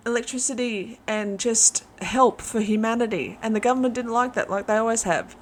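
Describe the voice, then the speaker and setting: A woman giving a rambling, animated spiritual monologue as an online preacher, full of restarts and fillers. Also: fairly high pitch, moderate pace, hardly any pauses, a little hiss or hum.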